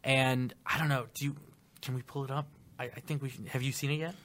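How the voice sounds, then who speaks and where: A man's voice: mid-range voice, level tone, quick pace, fairly bright tone. A man hosting a casual group chat, telling stories animatedly and laughing often. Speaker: podcast host.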